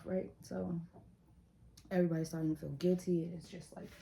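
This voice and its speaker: A young woman vlogger telling a story in a casual, animated, chatty way, speaking straight to her viewers. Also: fairly low pitch, moderate pace, creaky, a little hiss or hum, rough recording.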